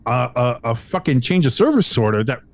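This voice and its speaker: An animated man co-hosting a sports podcast, telling a story in a casual, lively way. His pitch swings widely as he acts out what people said. He swears freely and restarts his sentences often. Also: a little fast. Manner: animated, acts out quotes with big pitch jumps; profane, frequent restarts. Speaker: podcast co-host.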